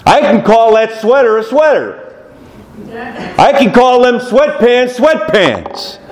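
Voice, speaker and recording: High-voiced preacher man, echoey church. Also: slow. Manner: animated, rising to shouts of praise; chuckles between lines. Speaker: pastor. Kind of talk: sermon. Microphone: microphone, moving on and off it.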